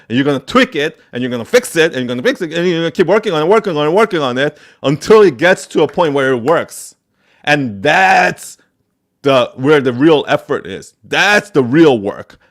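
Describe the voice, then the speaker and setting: A man hosting a live Q&A, giving blunt, profane business advice and hammering points home with repetition. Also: medium pitch. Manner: profane, forceful, repeats for emphasis. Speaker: host answering live questions.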